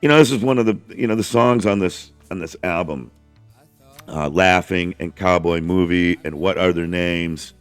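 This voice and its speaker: A man's voice: deep voice, normal speed, smooth. A man hosting a casual music podcast, rambling enthusiastically with lots of restarts and the odd swear. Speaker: podcast host.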